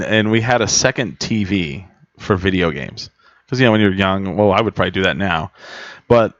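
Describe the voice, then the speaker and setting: Brief: man, low voice, lively storyteller, dull dry recording. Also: no room sound. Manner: animated storyteller, loud acted screams. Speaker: podcast co-host. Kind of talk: casual comedic chat.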